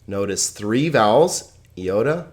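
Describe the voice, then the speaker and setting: A man teaching Greek in a recorded video lesson, chatty and joking, slowing down to carefully pronounce example words. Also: on the low side, lively intonation. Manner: chatty, joking, laughs at own puns.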